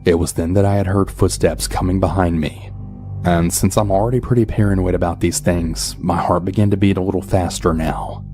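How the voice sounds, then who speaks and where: A man narrating a true horror story in the first person, calm and even. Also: deep voice, brisk. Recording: soft background music.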